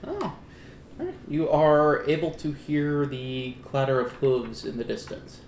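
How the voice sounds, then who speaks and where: A man sits at the table as game master, narrating in a laid-back way and pausing mid-sentence. His voice sits at an ordinary middle pitch. The room rings a little around him, with a faint hiss underneath. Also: darkish tone. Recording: roomy with faint noise.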